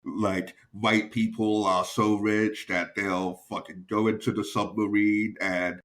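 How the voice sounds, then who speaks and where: Low-voiced man telling comedy stories. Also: little pitch movement, slow, fairly bright tone. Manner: rambling storyteller, acts out quotes. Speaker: stand-up comedian and podcast co-host. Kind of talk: casual podcast chat.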